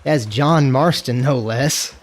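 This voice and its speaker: A man's voice: medium pitch, slow pace. A man streaming a western game, chatting casually in loose, profane, self-mocking talk. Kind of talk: casual gameplay commentary.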